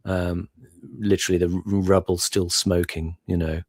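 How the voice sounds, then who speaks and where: Deep-voiced man musing in casual chat. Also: little pitch movement, moderate pace, darkish tone, slightly rough, no room sound, clean studio sound. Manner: musing, meandering with many asides. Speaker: guest commentator.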